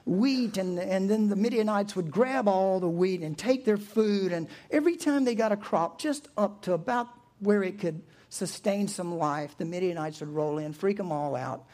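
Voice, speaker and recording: A man's voice: high voice, moderate pace, few pauses. A man preaching a sermon in a casual, storytelling manner. He acts out voices for the characters as he goes and often breaks into a chuckle. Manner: animated storytelling, acting out quotes, chuckling. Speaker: pastor.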